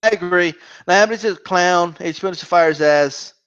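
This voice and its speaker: A man's voice: high-pitched, normal speed, a bit bright, clear, resonant tone, dull audio. A man hosting a live boxing talk stream, ranting with profanity and mocking mimicry. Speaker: boxing channel host. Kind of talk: live Q&A rant.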